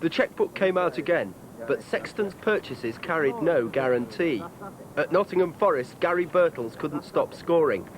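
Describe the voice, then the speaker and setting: A man giving measured, wry scripted narration for a documentary. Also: a little high, animated, crowd noise, low-quality recording.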